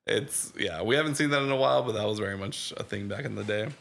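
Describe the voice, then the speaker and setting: A man's voice: fairly low pitch, fast talker, gravelly, a bit bright. Man, podcast co-host, casual movie talk, laughs a lot, swears, rambling restarts. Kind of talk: casual movie review chat.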